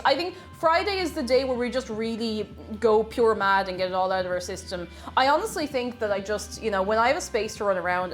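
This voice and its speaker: A young woman chatting on a baking live stream, greeting viewers one by one and laughing often. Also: on the high side.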